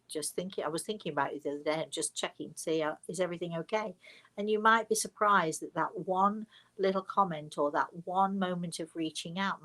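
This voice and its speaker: A woman's voice: on the low side, a bit bright. An older woman, hosting a live question-and-answer talk in a chatty, digressive way that trails into asides. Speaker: host, spiritual medium.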